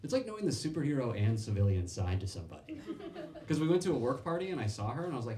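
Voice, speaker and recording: A man's voice: mid-range voice, racing, a little hiss or hum. A young man doing a stand-up comedy set on a club stage, swearing freely and acting out the people in his stories. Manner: animated, swearing, acting out quoted voices. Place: comedy club stage before a laughing crowd. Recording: roomy club sound with crowd laughter.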